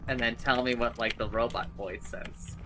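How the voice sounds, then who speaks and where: A man's voice: medium pitch, fairly even intonation, moderate pace, music in the background, rough recording. A man streaming live, chatting casually and a bit flustered as he talks with friends over voice chat.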